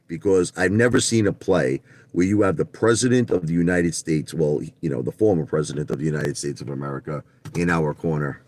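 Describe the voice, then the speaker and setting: Brash, profane New guy with a low voice ranting on a home livestream; dry, close sound. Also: fairly quick, darkish tone, no room sound. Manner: brash, profane, repeats himself. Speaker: livestream host on stock trading. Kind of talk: casual livestream rant.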